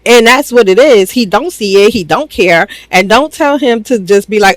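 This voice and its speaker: A woman's voice: on the high side, expressive, moderate pace, hardly any pauses, dry recording, rough recording. A woman hosting a reality TV reaction video, giving blunt, sassy, slang-filled opinions in casual commentary.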